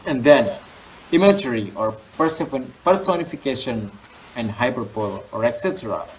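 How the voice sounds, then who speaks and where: A young man, a student teacher giving a lesson on poetry, reading definitions slowly with fillers and restarts. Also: mid-range voice, lively intonation, slight background noise, rough recording. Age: young adult. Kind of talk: classroom lesson explaining poetry.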